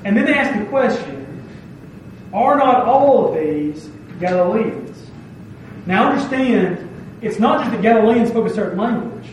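A pastor delivers a folksy, conversational sermon to his church, reading scripture and explaining it in a high, animated voice at a measured pace. The mic picks him up from afar in a very echoey sanctuary, with a little hiss or hum.

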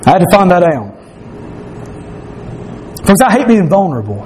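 A man's voice: high-pitched, big pitch swings, moderate pace, a little mellow, slight background noise. A man preaching in a church, earnest and confessional, repeating phrases for emphasis. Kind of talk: sermon.

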